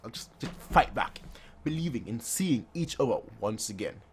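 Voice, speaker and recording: A man's voice: medium pitch, animated, unhurried, a little hiss or hum. A man hosting a manga reaction, rambling casually and repeating filler words as he reacts.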